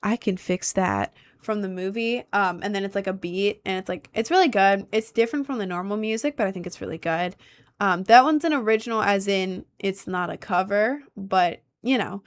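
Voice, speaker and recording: A woman's voice: medium pitch, brisk. Rambling young woman livestreamer. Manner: rambling, chatty, swings between loud and mumbled. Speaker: livestreamer and musician. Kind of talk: casual livestream chat reading comments.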